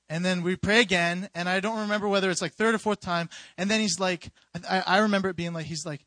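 Young guy preaching casual, rambly animated storytelling, high pitched voice. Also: brisk, few pauses, no room sound. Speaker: youth preacher. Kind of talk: informal sermon.

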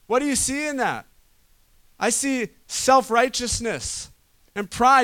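A man preaching a sermon to a room, swinging from loud urgent stretches to quiet soft ones. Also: high-pitched, moderate pace, smooth. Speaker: pastor.

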